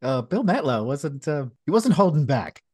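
A man's voice: on the high side, sing-song, moderate pace, darkish tone, breathy edge, no echo, studio quality. A man co-hosting a casual podcast, recapping a comic with wry sarcasm. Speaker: podcast co-host. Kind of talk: casual comic book discussion.

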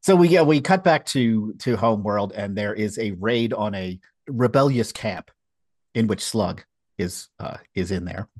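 Co-host, male, low husky voice, wry and sarcastic, recaps comics in casual chat. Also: animated, unhurried, a little mellow, dry recording, studio quality. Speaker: podcast co-host. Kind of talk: casual comic book discussion.

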